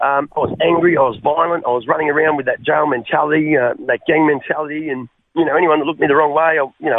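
Gravelly Australian man on a phone line. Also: a little high, no room sound. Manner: halting, repeats words, calls the host mate. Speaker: interview guest. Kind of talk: personal testimony in an interview.

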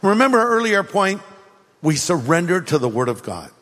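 A man's voice: high voice, big pitch swings, moderate pace, fairly bright tone, long reverb tail. An older man and grandfather preaching a sermon as a pastor, telling stories with animation, dry sarcasm and emphatic repetition.

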